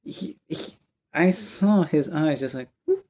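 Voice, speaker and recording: A man's voice: on the high side, takes it slowly. A man telling a rambling story to camera in a casual vlog, often stopping to correct himself. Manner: rambling, animated, self-interrupting. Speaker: vlogger.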